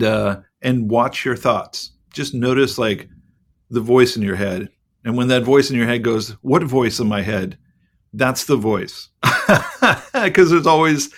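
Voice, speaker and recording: Rambling, candid middle-aged man. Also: mid-range voice. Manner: rambling, candid, peppered with "like" and swearing. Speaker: podcast co-host. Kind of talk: casual chat.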